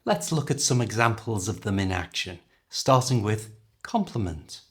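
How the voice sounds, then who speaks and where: A middle-aged man with a British accent teaching an English lesson, carefully and clearly modelling how words are pronounced. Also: fairly low pitch, very animated, normal speed, a bit bright. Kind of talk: language lesson.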